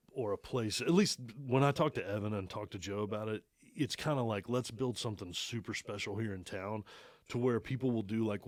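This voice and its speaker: The guest, a man who owns an archery shop, has a somewhat low, slightly mellow voice, captured dry at studio quality. Telling a story in a relaxed interview, he laughs frequently and acts out what the people he quotes said.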